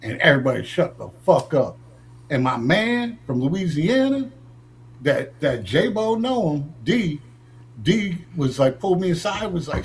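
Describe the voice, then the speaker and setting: A man's voice: a little high, big pitch swings, unhurried, breathy edge. A man from the northern United States telling profane stories in a brash, swaggering way, acting out quotes in a raised voice. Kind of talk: profane storytelling.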